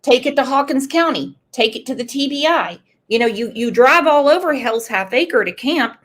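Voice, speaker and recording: A woman's voice: high-pitched, expressive, moderate pace, a bit bright. A woman hosting a true crime commentary show, opinionated and full of rhetorical questions. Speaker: host.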